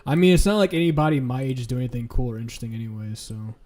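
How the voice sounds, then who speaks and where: A man's voice: mid-range voice, fairly even intonation, very fast, darkish tone. A man streaming, ranting casually in a profane, blunt, lecturing way.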